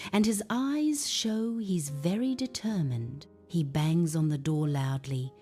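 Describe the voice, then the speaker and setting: Woman, storyteller, mellow voice, lively pitch, faint background music. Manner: expressive, animated read-aloud. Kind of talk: children's Bible story narration.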